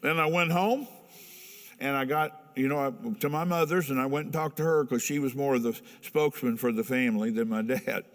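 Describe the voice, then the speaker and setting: A man's voice: medium pitch, brisk. An older man from Ohio telling his personal testimony in a candid, earnest way, chuckling now and then. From Ohio, USA. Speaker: speaker giving a personal testimony. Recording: long hall reverb.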